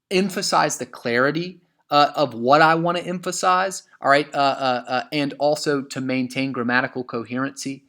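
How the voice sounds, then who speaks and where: A man's voice: mid-range voice, a bit bright. A male English teacher in a recorded lesson, explaining essay writing with many fillers and restarts and reading quotations aloud punctuation and all. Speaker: high school English teacher. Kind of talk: recorded lesson walking through an essay example.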